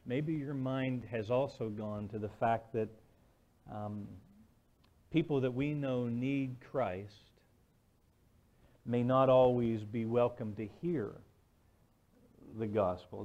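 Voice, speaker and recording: A man delivers a sermon in a relaxed, storytelling way, pausing with "um" and checking in with "right?". His voice sits in a middle pitch. The recording is a little dull and muffled. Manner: conversational storytelling, frequent "right?" and "um". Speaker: preacher.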